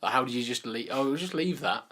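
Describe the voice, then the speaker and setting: A man's voice: mid-range voice, quick pace, a bit bright. A young man co-hosting a podcast, with a mid-range voice. He talks in a loose, chatty way and drops dry, sarcastic asides. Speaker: podcast co-host. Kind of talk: casual chat.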